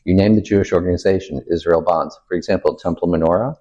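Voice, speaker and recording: An older man, a rabbi, telling stories in a relaxed interview, quoting people and asking rhetorical questions. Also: deep voice, quick pace, slightly rough, dull audio. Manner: animated anecdote-teller who quotes people and asks rhetorical questions. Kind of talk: storytelling in a casual interview.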